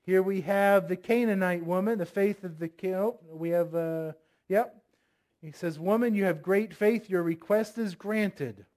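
Male pastor, high voice, preaches conversationally, fires questions at the congregation. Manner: asks the congregation many questions; reads scripture aloud, voicing commands forcefully. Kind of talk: sermon.

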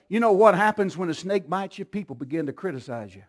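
A man preaching a sermon in a church, moving from calm storytelling to loud, fervent repeated calls to the congregation. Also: high voice, fast, hardly any pauses. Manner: builds from calm storytelling to shouting fervor, repetitive calls.

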